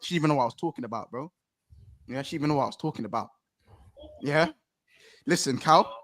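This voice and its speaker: A man hosting a casual football chat, excitable, swearing and repeating himself. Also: medium pitch, fast, no echo. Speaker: football podcast host.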